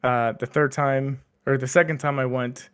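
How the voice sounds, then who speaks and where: A man's voice: medium pitch, level tone, normal speed, clear, resonant tone. A man co-hosting a podcast, chatting casually with lots of fillers and restarts. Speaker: podcast co-host. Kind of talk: casual chat.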